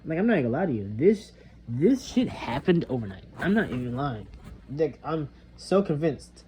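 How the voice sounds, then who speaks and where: A man's voice: on the high side, sing-song, moderate pace, warm tone. Frustrated young man venting, rambling. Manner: rambling, frustrated, heavy swearing, trailing off. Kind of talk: casual monologue vent. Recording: slightly dull lo-fi recording with faint background noise.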